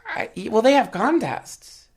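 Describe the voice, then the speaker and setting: A man's voice: extremely high pitch, sing-song, a little slow, husky. A man telling rambling stories as a podcast guest, full of fillers and swearing, sniffling with a head cold. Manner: rambling, filler-heavy, profane storytelling. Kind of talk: casual podcast chat.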